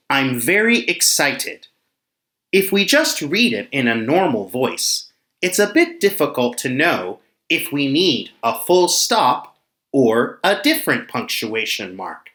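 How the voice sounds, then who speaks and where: A teacher speaks at an unhurried pace, drawing each phrase out for learners. The voice rises and falls a great deal, acting out example sentences with feeling. The sound rings a little, as in an echoey room. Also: medium pitch, a bit bright. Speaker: English teacher. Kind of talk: slow, expressive classroom explanation.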